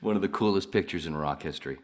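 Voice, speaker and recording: This podcast host has an extremely low-pitched voice and speaks fast. He spins long stories full of profanity in a loose, rambling, casual conversation.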